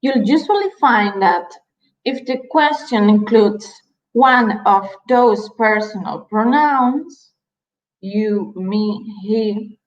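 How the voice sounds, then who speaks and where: A woman teaching a language lesson, repeating each word slowly and carefully for learners. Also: a little high, roomy sound, muffled recording. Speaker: Spanish teacher.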